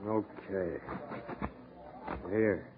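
An actor playing a harried newspaper editor who is apologetic and coaxing, in 1940s radio acting. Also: male voice, sits low, very slow. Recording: tinny old radio broadcast.

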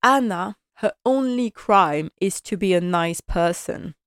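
A woman's voice: medium pitch, expressive, a little slow, clean tone, no echo, studio quality. A woman giving a casual, impassioned and rambling recap of a TV episode.

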